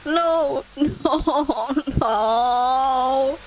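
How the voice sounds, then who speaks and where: A woman streaming a horror game playthrough, reacting excitably with swearing and laughter. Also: sits high, drawn-out words, slight background noise, poor audio.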